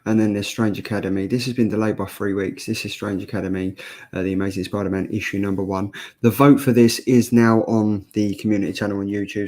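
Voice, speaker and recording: A man's voice: lowish voice, a little mellow. A man hosting a casual comics show, jokey and self-mocking, often restarting his sentences. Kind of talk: casual live-stream chat.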